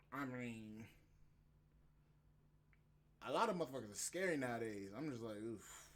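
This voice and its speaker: A man hosting a podcast, ranting in a heated, profane, rambling monologue. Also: medium pitch. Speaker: podcast host. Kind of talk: casual podcast rant.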